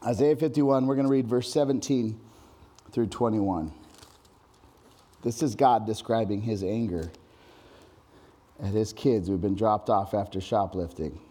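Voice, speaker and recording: Man preaching with a mellow voice. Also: a little slow, pauses often. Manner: animated preaching, rising loud and high when reading scripture. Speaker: pastor. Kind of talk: sermon. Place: church hall with congregation.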